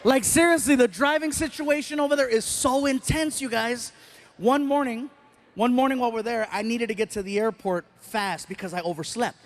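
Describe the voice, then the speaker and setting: A man with a notably high voice tells stand-up stories from a live stage. He is animated, acting out characters and breaking into shouts. A faint hiss of noise sits behind him. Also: moderate pace. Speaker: stand-up comedian. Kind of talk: stand-up storytelling. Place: live stage before an audience.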